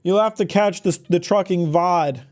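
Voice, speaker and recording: A man's voice: high-pitched, a little slow, a little mellow. A man streaming from home, chatting casually with his viewers, joking and swearing bluntly. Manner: blunt, joking and profane, reads chat aloud. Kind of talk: casual live-stream chat.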